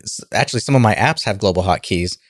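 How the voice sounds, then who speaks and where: A man in his forties co-hosting a podcast, talking in a relaxed, halting, self-deprecating way. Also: lowish voice, no room sound, studio quality. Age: 40s. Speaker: podcast co-host. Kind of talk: casual podcast chat.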